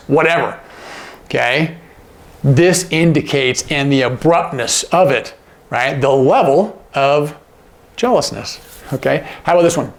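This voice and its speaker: A man teaching sign language in a casual, demonstrative way, often checking in with "okay?" as he explains. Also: a little high. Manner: demonstrative, asks frequent check-in questions.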